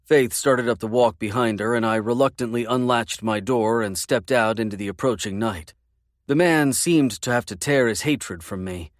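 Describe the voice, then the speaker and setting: A man narrating a first-person romance audiobook in a measured, intimate way. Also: fairly low pitch, dry recording, clean studio sound.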